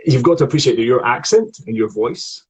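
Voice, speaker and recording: A man's voice: medium pitch, lively intonation, brisk, husky, rough recording. A man with a Scottish accent, a voice coach explaining acting technique in a chatty way with many restarts. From Scotland. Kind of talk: online acting lesson conversation.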